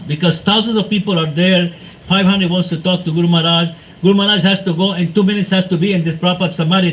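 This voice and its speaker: A man speaking to a devotional gathering, telling anecdotes in an animated way, acting out quoted voices and laughing often. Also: high-pitched, dull audio, a little hiss or hum. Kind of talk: storytelling talk to a congregation.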